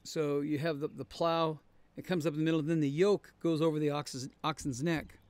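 A man's voice: on the high side, little pitch movement, brisk, a little mellow, dry recording. Man preaching an earnest Bible study. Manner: earnest, conversational preaching with emphatic repetition. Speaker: pastor. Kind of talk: sermon-style Bible study. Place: traveling, on the road.

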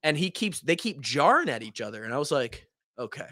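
A young man from Iowa, a former player co-hosting a podcast, tells a story in a lively, swearing, casual way and acts out the quotes. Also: on the high side, brisk, no echo, clean studio sound.

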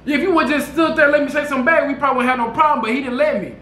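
A man telling a story to camera in a casual, slangy, animated way, repeating himself. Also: extremely high pitch, very fast, echoey room, a little hiss or hum. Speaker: vlogger. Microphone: camera mic.

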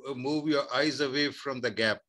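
A man's voice: mid-range voice, normal speed, a bit bright. A man hosting an interview who repeats his reactions and draws on medical comparisons. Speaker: host. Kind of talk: conversational interview.

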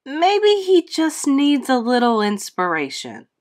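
A woman's voice: high-pitched, huge pitch swings, takes it slowly, darkish tone, voice pushed up, full character voice. A woman voicing a proud, doting monster mother in a storybook, with a sing-song, dramatic delivery.

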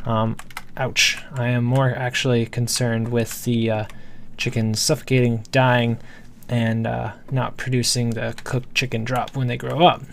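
A man talks through his game while he plays, rambling casually and thinking aloud with plenty of fillers. His voice has a gravelly, creaky edge, and there is a faint clatter of typing in the background. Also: mid-range voice, level tone, a little slow, a little hiss or hum. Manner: casual, self-talking while building. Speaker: gameplay host. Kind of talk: let's play commentary.

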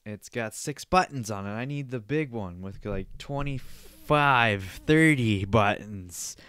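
A young Canadian man hosts a casual solo podcast, rambling, joking, swearing freely and sniffling now and then into a close desk mic. His mid-range voice is slow, lively in intonation and a bit bright. The tone is clean, with no echo.

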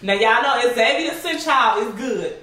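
A woman's voice: a little high, expressive, a little slow, bright, forceful tone. A young woman vlogger answering viewers' questions in a casual, chatty way, laughing often and calling her audience y'all. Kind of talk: casual Q&A vlog. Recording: echoey room, mic a bit far, faint noise.

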